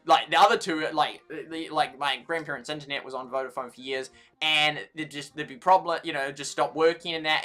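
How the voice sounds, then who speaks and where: A man's voice: fairly high pitch, bright, forceful tone. A man with a New Zealand accent rambling through an aggrieved story, restarting sentences often. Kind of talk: casual ranting vlog.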